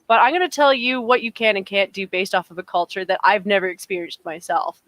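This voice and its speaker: A woman's voice: mid-range voice, brisk, a bit bright, dry recording. A woman co-hosting a podcast, talking in an emphatic, opinionated way with frequent restarts. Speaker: podcast co-host. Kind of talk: casual opinionated chat.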